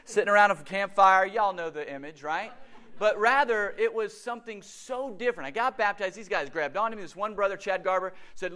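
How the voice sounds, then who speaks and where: A man's voice: high voice, fairly quick, smooth. A middle-aged man preaching a sermon, telling stories and acting out quotes. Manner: animated storytelling with acted quotes.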